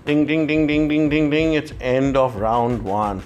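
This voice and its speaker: A man's voice: mid-range voice, unhurried, darkish tone, faint music behind. A man telling a playful children's story in the manner of a boxing commentator.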